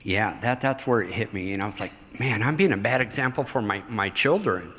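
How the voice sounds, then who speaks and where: A middle-aged man, a guest in an interview, telling stories from his life in an animated way, often laughing. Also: lowish voice, a little fast. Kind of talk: storytelling interview. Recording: hall reverb.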